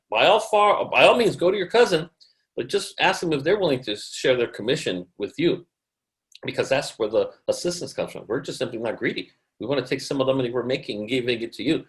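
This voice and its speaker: A man's voice: medium pitch, rough recording. A man presenting to his team on a video call, acting out conversations with clients. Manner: fast, animated, acts out conversations. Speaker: mortgage loan officer presenting to a team. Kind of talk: online team meeting presentation.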